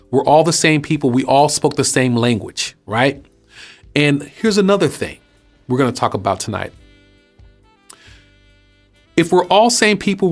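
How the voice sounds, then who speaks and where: Male host, mid-range voice, casual preaching with a light music bed. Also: mid-range voice. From Texas. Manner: animated, conversational preaching with rhetorical questions. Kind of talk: casual spoken teaching.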